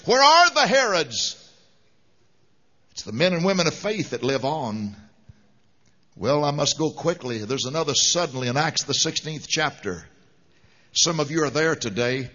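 A man's voice: a little high, sharp tone. A man preaching a sermon with an emphatic, fervent delivery. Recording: dull lo-fi sound with long hall reverb.

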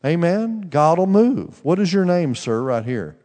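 A fervent male preacher tells a testimony and speaks to people in the room. His voice sits a little high and trails into a long reverb. He often restarts his sentences. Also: very animated, a little slow, dark tone. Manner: fervent, many restarts, direct address to listeners. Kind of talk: sermon with personal testimony. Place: church sanctuary. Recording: long reverb in a large hall.

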